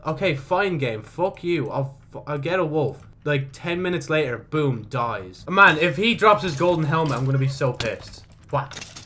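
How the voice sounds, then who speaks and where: Young man, gaming commentary, sweary, animated pitch, faint noise behind. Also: moderate pace, hardly any pauses. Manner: swears a lot, swings from muttering to sudden yelps. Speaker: gaming channel host. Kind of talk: let's play commentary. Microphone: desk mic with audible mouse clicks.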